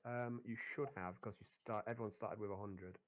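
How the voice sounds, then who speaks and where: A man's voice: lowish voice, fairly even intonation, fairly quick, no echo, rough recording. A man running a tabletop game and checking rules as he goes, often stopping and restarting. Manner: hesitant, lots of restarts while checking rules. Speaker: game master.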